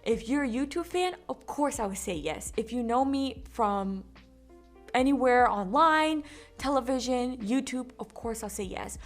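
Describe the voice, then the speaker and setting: A woman vlogger telling a casual story-time in an animated, candid way. Her voice sits fairly high. Soft music plays faintly behind her. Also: measured pace.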